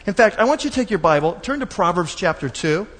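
A man preaching a sermon in a lively, conversational way, acting out little asides for the congregation. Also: high voice, fast, in a large hall. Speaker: pastor.

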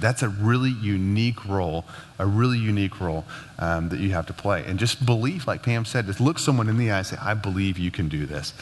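A man teaching about marriage in a relaxed, conversational way, laughing now and then. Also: lowish voice, fairly quick. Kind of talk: casual teaching talk. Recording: long hall reverb.

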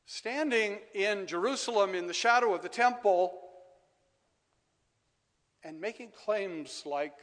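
A male preacher delivering a measured sermon in a church, letting key phrases fall soft and repeating them for emphasis. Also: sits high, expressive. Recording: long reverb of a large hall.

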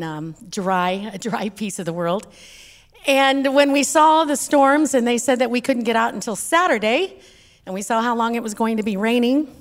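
A middle-aged woman from Texas with a Texan accent, giving a humorous church talk as a guest speaker, joking like a lively storyteller. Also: mid-range voice.

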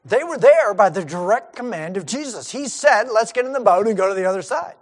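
A man's voice: sits high, animated, a little fast. A middle-aged male pastor giving a sermon in a conversational way, acting out the lines of the disciples.

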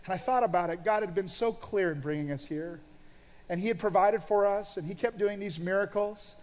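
A man's voice: sits high, fairly quick, darkish tone. A middle-aged male pastor preaching a sermon, telling his own story and acting out his past prayers. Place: church auditorium. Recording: dull sound in a large reverberant church hall.

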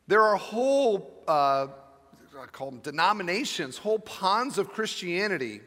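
A man's voice: high-pitched, bright, forceful tone, big-room sound. A male pastor preaching a sermon, telling a story with emphatic, humorous asides to his congregation. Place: church sanctuary with live audience.

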